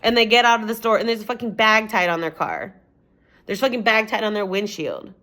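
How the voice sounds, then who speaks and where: A woman's voice: medium pitch, brisk, bright, forceful tone. A young woman talking straight to her own camera, loose and rambling as she tells a story. Her voice sits in a middle range, and she peppers everything with "like" and casual swearing. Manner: rambling, swears a lot, heavy use of "like". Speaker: vlogger.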